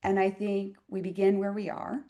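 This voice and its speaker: A woman physician in her fifties, a podcast guest telling a personal story in a reflective, expressive way with wry asides. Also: medium pitch, moderate pace. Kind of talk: conversational interview storytelling.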